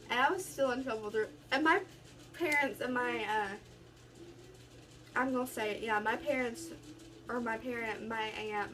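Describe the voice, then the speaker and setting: A woman's voice: a little high, fairly bright tone, a little hiss or hum, low-quality recording. Chatty young woman vlogging. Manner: rambling, chatty, many restarts. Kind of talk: casual storytime vlog. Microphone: phone camera.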